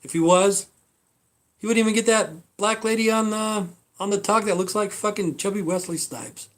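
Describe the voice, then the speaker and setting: A man's voice: high voice, fairly even intonation, moderate pace, a bit bright. A man hosting a livestream, ranting casually in a blunt, profane way with lots of repeated fillers. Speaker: livestream host. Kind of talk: rambling casual rant.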